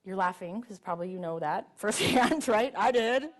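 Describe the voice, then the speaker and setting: A middle-aged woman giving an earnest, emphatic public talk to a live audience, pausing on rhetorical questions. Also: medium pitch, animated. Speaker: public speaker. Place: library event room with audience.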